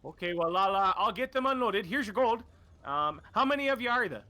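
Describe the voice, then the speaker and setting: Man putting on a high folksy townsman. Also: lively intonation, fairly quick, bright, forceful tone. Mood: friendly. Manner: folksy, ends questions with "eh". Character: chatty male townsman taking in deliveries.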